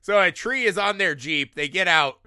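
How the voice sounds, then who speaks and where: An animated man with a high, bright voice, swooping in pitch as he retells scenes from a movie. He laughs often and puts on the lines himself. The sound is close and dry. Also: normal speed, clean tone, no echo. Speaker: podcast co-host. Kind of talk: casual film-review chat.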